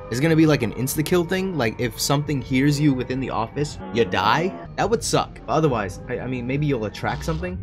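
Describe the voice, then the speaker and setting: Excitable, panicky young gaming streamer. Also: male voice, medium pitch. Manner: excitable, panicky running chatter to viewers. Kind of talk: horror game let's play commentary.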